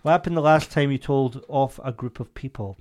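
A man's voice: mid-range voice, brisk, darkish tone. A British man co-hosting a comedy podcast in casual, rambling chat full of fillers and laughs. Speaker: podcast co-host.

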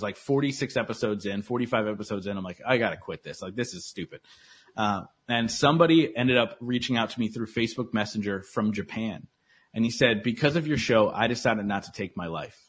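A man's voice: medium pitch, fast talker, a bit bright, slightly rough. A man talking as a podcast guest in casual interview chat, earnest and motivational, with lots of likes and restarts. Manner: earnest, motivational, filler-heavy.

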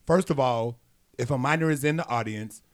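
A man's voice: mid-range voice, normal speed. A man co-hosting a casual podcast, explaining news stories in a blunt, profane way. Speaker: podcast co-host.

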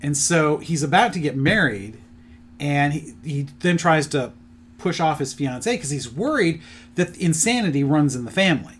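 A man's voice: fairly high pitch, lively intonation, moderate pace, a little hiss or hum. A middle-aged man on a podcast, rambling through a plot retelling with lots of fillers in a casual chat. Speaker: podcast co-host presenting his picks.

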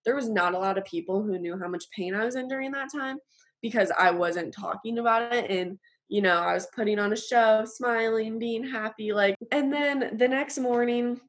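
This young woman tells an earnest personal faith story in an interview. She speaks at a moderate pitch and keeps stopping to fill pauses. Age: young adult. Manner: earnest, halting, with frequent fillers. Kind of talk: personal testimony.

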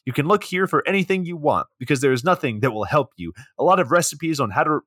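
A man's voice: on the high side, animated, fast, fairly bright tone, no echo, clean studio sound, voice pushed up. A man voicing a gloating male alien villain in a raised, mocking monologue.

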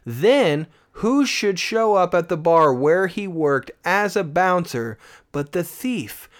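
A man's voice: high voice, very animated, takes it slowly. A man co-hosting a casual podcast, reading odd news stories aloud and breaking off into joking asides. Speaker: podcast co-host.

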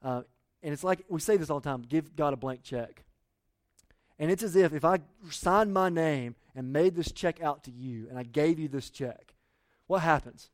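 A male pastor preaching a sermon in a conversational way, full of rhetorical questions and swinging between loud pleas and quiet asides. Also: a little high, moderate pace, dry recording, studio quality.

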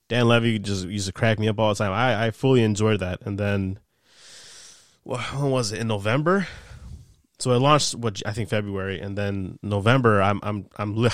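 A man's voice: on the low side, dry recording. Young man telling stories, swearing, dry sound. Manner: animated, swears freely, acts out quoted dialogue. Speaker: podcast guest, former sports radio producer. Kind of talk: casual storytelling chat.

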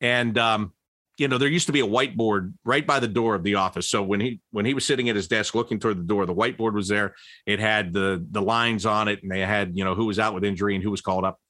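Talking fast, this middle-aged ex-broadcaster spins stories in a casual interview, frequently starting over, with his pitch shooting up whenever he's excited. The studio sound is clean, with no room sound.

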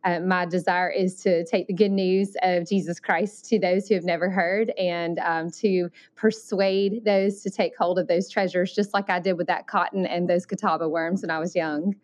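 A woman in her forties from Alabama with a Southern accent, telling her story as an interview guest in an earnest, thoughtful way with many pauses and ums. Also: on the low side, steady tone. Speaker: missionary guest.

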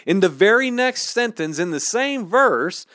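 A man's voice: sits high, big pitch swings, unhurried, bright, forceful tone, no echo, studio quality. A man hosting a podcast, teaching through a Bible passage in a casual, conversational way with slangy asides. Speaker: podcast host.

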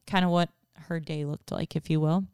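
A woman's voice: deep voice, fairly even intonation, normal speed, a little mellow, clean tone, no room sound, clean studio sound. A woman in her thirties chatting casually, telling a story and acting out quotes. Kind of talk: casual chat.

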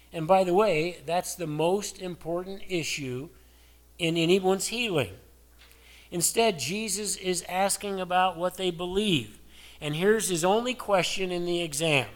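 A man's voice: high voice, normal speed, a bit bright. An older male pastor preaching a sermon in a conversational way, asking his listeners many rhetorical questions.

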